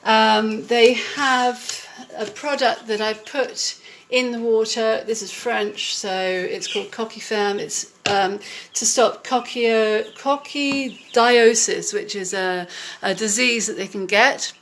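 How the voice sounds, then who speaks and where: Slow, hesitant woman explaining at home. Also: a little high, steady tone, fairly bright tone, slight background noise. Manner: slow, hesitant, with many ums. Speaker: home demonstrator. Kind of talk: casual home tutorial.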